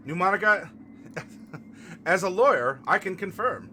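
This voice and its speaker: Higher-voiced, playful male streamer. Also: lively intonation, measured pace, pauses often. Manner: playful and punny, turning gentle and consoling. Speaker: streamer hosting a tabletop game channel. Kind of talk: casual live-stream chat, answering viewer comments. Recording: music playing clearly behind the voice.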